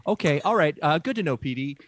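A man's voice: fairly high pitch, expressive, fast. A man playing a goofy 1950s greaser therapist who rambles with stammered restarts and gives offhand advice in an improvised comedy scene. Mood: breezy. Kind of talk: improvised comedy role-play.

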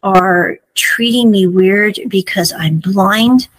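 A woman's voice: mid-range voice, takes it slowly, no room sound. A woman voicing a hurt, withdrawn young blind man in a subdued way as she retells a series episode.

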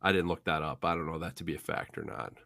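A man's voice: very deep voice, steady tone, quick pace, creaky, bright, forceful tone, dry recording, studio quality. A young man co-hosting a casual sports podcast, wry and mocking as he talks the team through. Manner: wry, mocking, slips into silly put-on voices. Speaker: podcast co-host.

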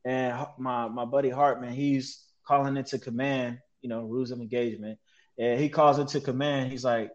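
A man telling a story as a guest in an interview, animated and slangy, mimicking sounds as he relives events. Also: medium pitch, moderate pace, muffled recording. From United States. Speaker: guest, military veteran.

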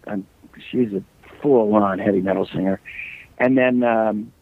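Speaking a little slowly with fairly even intonation, a middle-aged rock singer from the US chats as a guest in a low, slightly scratchy voice. He jokes and wanders through stories over a dry, tinny call line without any room sound.

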